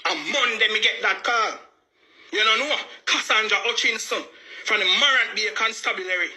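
Male, Jamaican accent, worked-up and emphatic, very bright, piercing tone. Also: high-pitched, normal speed. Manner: agitated, repetitive, emphatic. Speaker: family member speaking out. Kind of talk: heated personal account.

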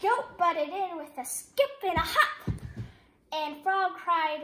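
A woman's voice: extremely high pitch, lively intonation, takes it slowly, sharp tone, reverberant. A woman reading a picture book aloud at home, playful and laughing often as she reads.

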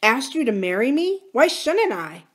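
A woman's voice: high-pitched, big pitch swings, normal speed, pitched above the performer's own voice. A woman reading aloud and voicing an earnest, eager young farmer who speaks pleadingly.

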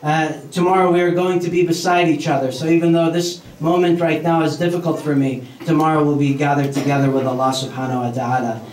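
A man's voice: fairly high pitch, steady tone, fast talker, few pauses, darkish tone, soft background music. A man giving a sermon in a mosque, reciting Arabic verses and then translating them. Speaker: mosque speaker. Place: mosque hall. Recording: echoey hall, mic from far off.

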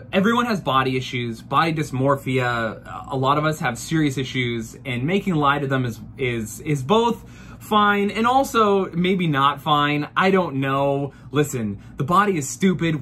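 A man's voice: fairly high pitch, fairly bright tone, slight background noise. A man in his thirties doing a profane, mock-furious comedic rant full of rhetorical questions. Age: 30s. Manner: exasperated, profane ranting.

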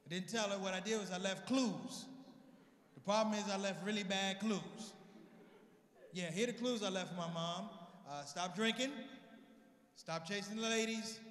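A male stand-up comic with a high voice tells animated stories on stage, slipping into his relatives' voices. His voice echoes through a large convention hall with a long reverb tail. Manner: animated storytelling, acting out family. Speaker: stand-up comedian. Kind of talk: stand-up comedy set.

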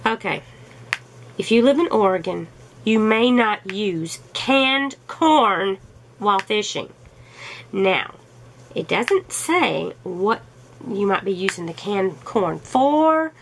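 A woman's voice: medium pitch, animated, slow pace, gravelly, slight background noise, rough recording. A middle-aged woman chatting casually to her viewers as a crafting vlogger, amused and full of rhetorical questions. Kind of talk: casual chat.

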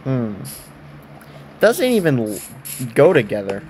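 A man talks his way through a building game in a loose, chatty way, teasing the game and laughing at himself. His pitch swings up and down a lot as he reacts. A steady hiss of noise runs under his voice. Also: slow, poor audio. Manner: chatty, self-mocking asides to the game. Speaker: gaming video creator. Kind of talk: casual gameplay commentary.

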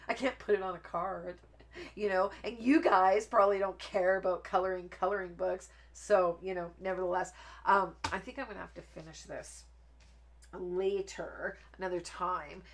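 A woman's voice: lowish voice, fairly even intonation, normal speed. A woman hosting a card making live stream, chatting in a rambling, friendly way and laughing often while she works. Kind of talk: casual live stream chat while crafting.

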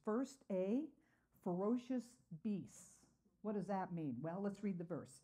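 A woman's voice: mid-range voice, animated, slow pace, warm tone, breathy edge. A woman teaching a Bible study lesson, asking her class questions and answering them herself, earnest, with frequent "uh" fillers.

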